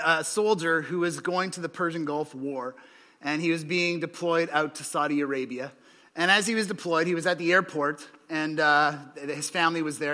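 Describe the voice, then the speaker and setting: A man with a slightly high, sharp voice gives an evening sermon in a church hall, where long hall reverb trails his words. He talks conversationally, restarting often and tagging on "right?"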